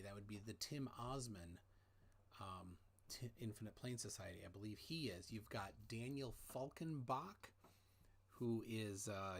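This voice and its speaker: A man hosting a casual livestream, reading out chat comments in a rambling, halting way with many fillers, holding his mic close at home. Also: lowish voice. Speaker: livestream host. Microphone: handheld mic held close.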